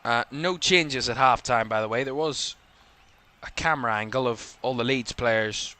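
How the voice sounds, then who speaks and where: A man's voice: medium pitch, normal speed, pushed and bright. A man with a Northern Irish accent from Belfast, hosting live watchalong commentary in a rambling way, full of fillers. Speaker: host.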